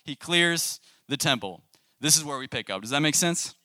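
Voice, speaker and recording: A young man preaching to a youth service in a loose, conversational way and asking the room questions. His voice is bright and forward. The recording is close and dry. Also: fairly high pitch, lively intonation, moderate pace, no room sound. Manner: casual, asks the audience questions. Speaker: youth pastor. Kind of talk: conversational sermon.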